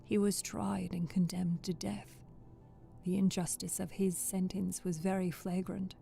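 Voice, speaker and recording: A woman reads aloud in a soft-spoken ASMR style, her voice mellow and a little gravelly. She stays level and unhurried, often going back to repeat a phrase, and faint music plays behind her. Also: medium pitch. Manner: steady, careful reading that restarts phrases. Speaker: audiobook reader.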